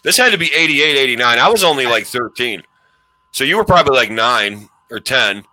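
Bright-voiced man hosting a casual podcast. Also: medium pitch, expressive, brisk. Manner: rambling, laughs while telling stories. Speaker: podcast host. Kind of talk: casual storytelling chat.

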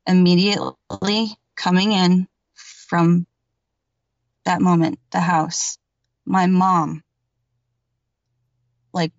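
A woman with a fairly low voice tells an interviewer her own paranormal story as a podcast guest. She is loose and emphatic, crams in filler words, and swears freely. The recording is dry, a bit dull and lo-fi, in a dead room.

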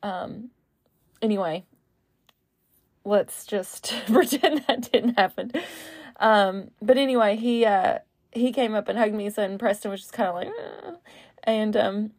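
Hosting her podcast solo, this woman speaks in a loose, rambling way, full of fillers and self-corrections. She keeps a measured pace with frequent pauses, and her mid-range voice sounds a little mellow. The recording has no echo.

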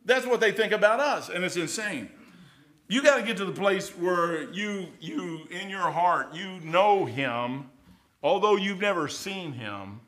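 Man, informal sermon, folksy, bright tone. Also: high-pitched, lively intonation, measured pace. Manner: folksy, conversational, swings from loud to quiet. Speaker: preacher.

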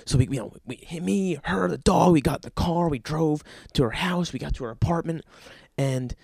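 A man's voice: fairly high pitch, moderate pace, vocal fry, darkish tone, slightly rough, no room sound, clean studio sound. A young man telling a rambling, profane comic story about his own life. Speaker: comedian.

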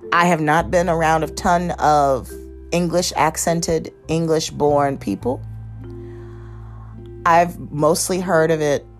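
A woman with a notably low voice talks through a TV series on her podcast, rambling and correcting herself as she goes. Faint music plays underneath. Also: fairly even intonation, slow pace. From United States. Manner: rambling, lots of fillers and self-corrections. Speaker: podcast host. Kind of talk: casual rambling review.

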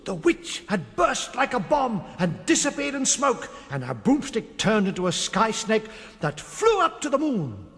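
A man's voice: sits high, huge pitch swings, measured pace, hardly any pauses, heavily acted. A man narrating a children's story from an old record, in a theatrical sing-song manner. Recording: archive record with loud music, long reverb.

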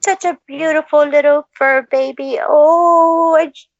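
A woman with a high voice hosts a casual podcast chat, gushing and effusive. Her sound is dull and lo-fi, with a dry, close feel. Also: steady tone, unhurried, no echo. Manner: gushing, effusive baby talk to pets. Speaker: podcast host.

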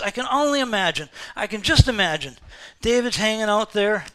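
A man with a strikingly high, bright voice preaches with fervor. He drops low and quiet, then climbs back up to ringing, shouted calls to his congregation. His delivery has the rhythm of a pastor working a live room. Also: expressive, normal speed. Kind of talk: sermon.

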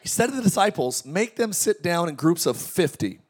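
Male pastor, high voice, energetic preaching with jokes and call-outs to the crowd. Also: normal speed, slightly rough. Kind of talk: sermon. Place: large tent church.

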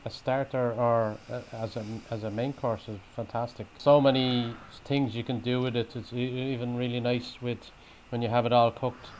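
A man talks about food in easy, rambling conversation, stumbling over his words and circling back as he explains. His voice stays flat, with little rise and fall. Faint noise sits under the recording. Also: mid-range voice, moderate pace. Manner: restarts often, explains dishes fondly. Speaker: chef guest. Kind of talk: casual chat about cooking.

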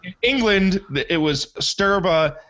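A man's voice: high voice, expressive, unhurried, a bit bright, muffled recording. A man hosting a movie podcast in casual chat, rambling enthusiastically and often correcting himself mid-sentence. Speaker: podcast host.

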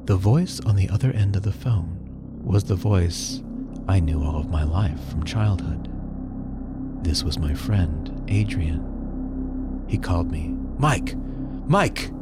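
A man hosting a podcast, narrating a first-person story in a calm, earnest way. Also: low voice, unhurried, over loud music.

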